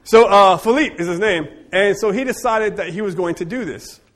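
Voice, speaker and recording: A man leads a casual church group discussion, telling stories with quick jokes and asides. His voice sits a little high for a man. He sounds lively and talkative. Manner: animated, jokey storyteller with quick asides.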